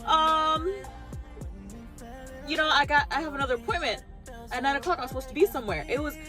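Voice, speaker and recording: A high-voiced woman telling a story to her vlog audience as a casual rant. She acts out each back-and-forth, playing both herself and the people she dealt with. Faint music plays underneath. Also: rapid-fire. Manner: animated, acts out both sides of conversations. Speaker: vlogger.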